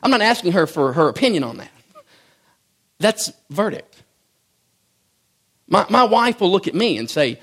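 Folksy preacher man with a gravelly voice. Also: sits high, very animated, moderate pace, pauses often. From rural farm background. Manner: conversational, folksy preaching with swings from loud to hushed. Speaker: pastor. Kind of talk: sermon.

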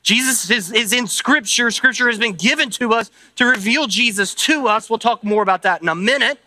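High, bright-voiced male preacher. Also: fairly quick, dry recording. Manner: conversational, thinks aloud with asides and tag questions. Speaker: pastor. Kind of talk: sermon. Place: church service.

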